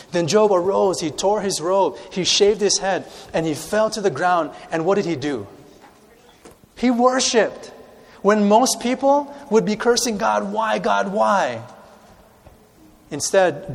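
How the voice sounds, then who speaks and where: A man preaching a sermon, reading scripture aloud and putting questions to his congregation in an animated way. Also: high-pitched, big-room sound. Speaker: pastor.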